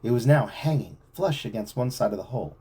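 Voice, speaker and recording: A man reading a novel aloud to a child at home, with expressive storytelling. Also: medium pitch, fairly quick, slightly rough.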